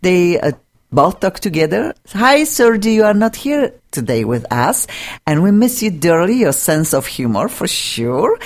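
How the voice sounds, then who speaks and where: A woman's voice: fairly low pitch, sing-song, a little slow. A woman hosting a studio talk show, chatty and enthusiastic, with non-native phrasing. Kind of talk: casual studio chat.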